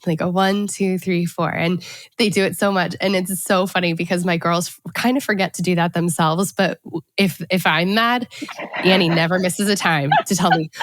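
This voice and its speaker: A woman's voice: lowish voice, steady tone, normal speed, fairly bright tone, no room sound. A woman in her thirties hosting a casual podcast, chatty and telling stories about her kids. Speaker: podcast host.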